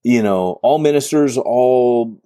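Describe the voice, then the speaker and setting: A male podcast host who rambles and cracks jokes, breaking off mid-sentence to start again. His voice sits fairly low and sounds dry and close, with no room around it. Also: slow, dark tone, no echo. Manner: rambling, self-interrupting, jokey. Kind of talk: casual interview chat.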